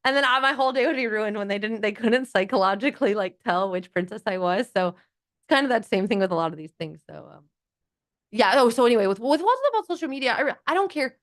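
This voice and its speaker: Woman, podcast guest, rapid talker, chatty, dry close sound. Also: on the high side, no echo. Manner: animated, chatty, many fillers and acted-out quotes. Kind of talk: casual interview chat.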